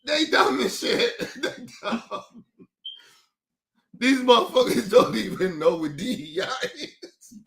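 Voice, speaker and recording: A high-voiced streamer cackles his way through mocking, profane commentary on news clips during a livestream, crying with laughter and laughing constantly. His slangy, sing-song delivery is slow and gravelly, with a fairly bright tone and long pauses, and he addresses his viewers as people.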